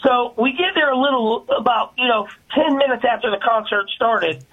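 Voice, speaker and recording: A caller telling an animated story on air, acting out the voices. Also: female voice, on the high side, normal speed, slightly rough. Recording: tinny phone line.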